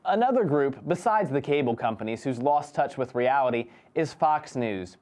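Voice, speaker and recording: Man in his twenties, comedy host, sarcastic, mock-dramatic, medium pitch. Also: lively intonation, moderate pace, a little mellow. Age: 20s. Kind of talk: comedic monologue and storytelling.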